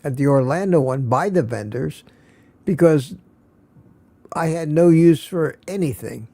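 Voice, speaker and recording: Older man, tired, halting casual chat, stream host, slightly raised pitch. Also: animated, warm tone. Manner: halting, many restarts and fillers.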